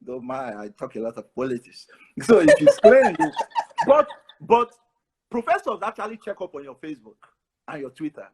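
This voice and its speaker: A man, a professor giving casual, animated advice with frequent repetition. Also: a little high, a little fast, crowd noise. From Nigeria. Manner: animated, repetitive, laughs often.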